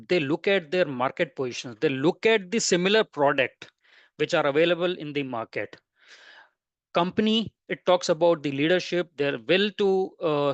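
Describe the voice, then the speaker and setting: A man's voice: on the high side, dry recording. A man presenting a webinar lecture, explaining step by step and listing terms one after another.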